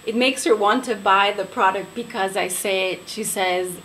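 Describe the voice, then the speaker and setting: A woman's voice: mid-range voice, a bit bright, slight background noise, rough recording. A young woman from Quebec chatting casually to camera as a beauty vlogger, pronouncing names carefully and elegantly. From Quebec, Canada. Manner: unhurried, careful, elegant pronunciation. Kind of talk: casual vlog talk to camera.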